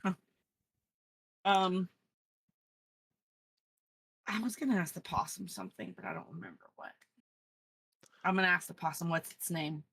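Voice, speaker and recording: A woman's voice: fairly low pitch, big pitch swings, normal speed, pauses often, a bit bright, husky, dry recording. A woman playing in a tabletop game, chatting playfully and casually. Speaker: player.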